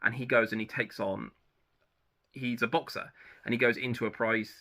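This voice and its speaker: A man talks through his favourite stories in an unscripted, rambling way, often pausing on "um" and restarting his sentences. His voice is strikingly bright and forceful, and it sits at an ordinary middle pitch. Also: steady tone. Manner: chatty and rambling, with frequent ums and restarts. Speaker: book reviewer. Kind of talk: casual spoken book review.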